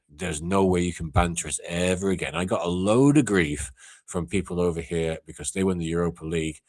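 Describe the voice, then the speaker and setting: A young man hosts a casual call-in chat in a low, deep voice. He talks bluntly and swears freely, with rants that break into loud outbursts. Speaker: live call-in show host.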